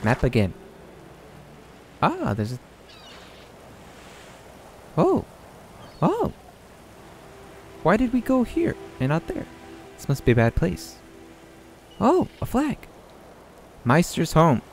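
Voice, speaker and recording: A young man narrating his own gameplay in a chatty, amused way, reading out the choices he picks. He speaks slowly with a gravelly, creaky voice that jumps around in pitch. Faint game music hums underneath. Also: wildly swooping pitch. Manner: chatty, reads dialogue options aloud, laughs often. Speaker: let's play host. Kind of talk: casual gameplay commentary.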